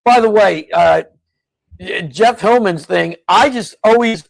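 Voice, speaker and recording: A man's voice: sits high, unhurried, creaky, no room sound, low-quality recording. A man co-hosting a casual political chat from his home garage, blunt, dismissive and matter-of-fact. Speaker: co-host.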